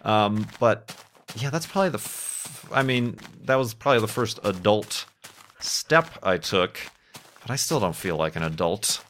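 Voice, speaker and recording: Rambling laid-back man, low voice. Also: animated, unhurried, a bit bright, a little hiss or hum. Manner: rambling, self-deprecating, laughs often. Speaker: gaming YouTuber. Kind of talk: casual chat over gameplay.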